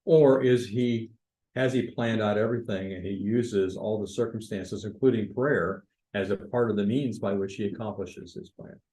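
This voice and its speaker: In a church, a man with a lowish, mellow voice leads a Bible study at a normal speed, though the audio is poor. He teaches conversationally and informally, with fillers and restarts, and asks the group questions.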